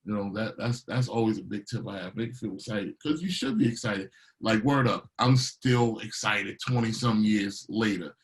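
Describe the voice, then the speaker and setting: Telling stories with plenty of energy, a Baltimore DJ and producer in middle age acts out the lines people said to him during a casual interview. His voice is lowish at normal speed, and the recording is rough.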